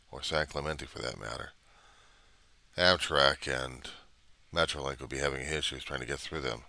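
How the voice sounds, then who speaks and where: A man's voice: very deep voice, sharp tone, dry recording. A man from the United States, rambling and trailing off in a personal video diary, with mild cursing. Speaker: video diarist.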